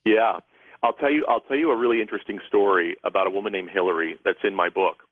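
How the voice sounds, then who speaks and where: A man's voice: lowish voice, fairly even intonation, fast talker, dry recording. Guy calling in to a radio show, rambly storyteller, thin phone sound, no room at all. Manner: rambling, many restarts while describing. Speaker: guest author and psychic. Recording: tinny phone line.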